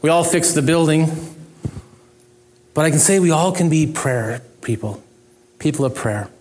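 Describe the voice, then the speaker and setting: A man's voice: fairly high pitch, moderate pace, darkish tone. A middle-aged male pastor preaching a sermon in an earnest, conversational way, with self-deprecating humor.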